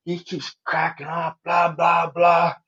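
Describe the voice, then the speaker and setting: A man with a fairly high, husky voice talks slowly in a completely flat way, his tone fairly bright, on a muffled recording. He's a podcast guest telling rambling, casual stories, swearing constantly and ending sentences with "right?".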